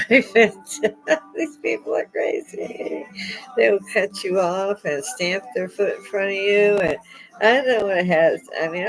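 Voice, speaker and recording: A middle-aged woman chats loosely to her online audience in a fairly low voice. She sounds sore and close to tears, yet laughs often and jokes with irreverent humor. Faint music plays quietly behind her. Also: low-quality recording. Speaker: vlogger hosting her own channel. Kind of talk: casual rambling chat to viewers.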